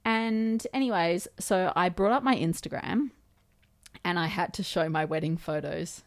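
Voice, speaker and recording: A vlogger in her thirties with an Australian accent recounts a story to the camera in a chatty, casual way, full of fillers and quoted conversation. Her voice is lowish and unhurried.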